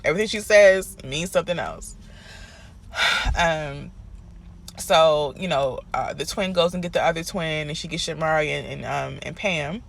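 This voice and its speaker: A man's voice: a little high, measured pace, creaky, a bit bright. A man giving a casual, sassy recap rant of a TV episode, telling it in an exasperated, chatty way. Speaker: TV recap commentator.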